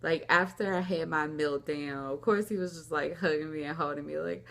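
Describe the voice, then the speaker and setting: A young woman vlogs from indoors at home, telling a personal story casually and rambling, saying "like" a lot and acting out what people said. Her deep voice is steady and slightly bright, at a moderate pace with vocal fry.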